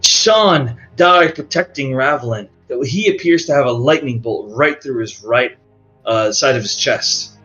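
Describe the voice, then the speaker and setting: A man's voice: mid-range voice, lively intonation, unhurried, a bit bright. A man narrating a tabletop game as game master, in a casual, rambling way. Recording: dull lo-fi audio with faint music.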